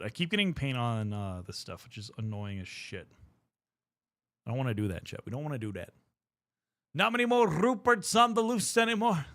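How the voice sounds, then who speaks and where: A man's voice: medium pitch, a bit bright, no echo. A young man chatting casually on a livestream while painting miniatures, rambling and swearing freely as he talks to his viewers. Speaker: streamer.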